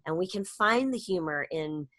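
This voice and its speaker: Middle-aged lady comedian telling a story, kinda low voice, jumps way up high when she quotes people. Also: normal speed. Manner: animated storytelling, acts out quotes with sudden high pitch jumps. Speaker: guest, comedian and public speaker. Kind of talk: casual storytelling interview.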